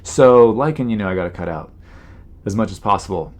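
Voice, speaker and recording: On his podcast, a man with a fairly low, slightly mellow voice rambles through stories at a fairly quick clip with lively intonation. His casual monologue is packed with "you know" fillers, and he keeps mimicking people in exasperated quoted asides.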